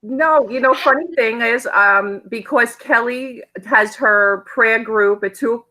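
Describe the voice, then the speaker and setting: Woman, Long Island New York accent, livestream guest, bright forceful tone, direct and emphatic. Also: fairly high pitch, slow pace, low-quality recording. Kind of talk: casual chat on a livestream.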